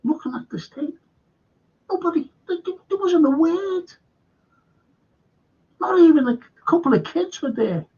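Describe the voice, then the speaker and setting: A man hosting a live-streamed show, telling a rambling story in a halting way and repeating words for emphasis. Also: extremely high pitch, lively intonation, darkish tone, highs cut off. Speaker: host of a live-streamed current affairs show. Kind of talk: casual rambling storytelling to viewers.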